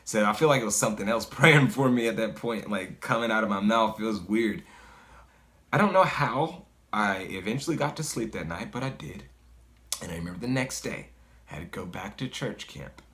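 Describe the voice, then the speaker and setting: Low-voiced man telling a story casually. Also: animated, moderate pace, fairly bright tone. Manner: loose and conversational, swears freely, many "like" fillers. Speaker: guest storyteller. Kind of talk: casual spoken personal story.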